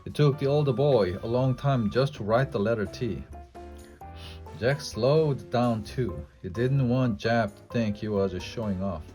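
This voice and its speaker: A man reading a children's chapter book aloud, slow and deliberate. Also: mid-range voice, a little mellow, faint music behind. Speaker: storybook reader.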